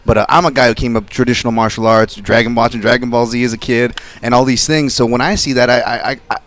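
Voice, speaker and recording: Fast-talking, rambling male radio host. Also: mid-range voice, steady tone, fairly bright tone. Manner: rambling, searching for words. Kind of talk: radio interview questioning. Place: radio studio.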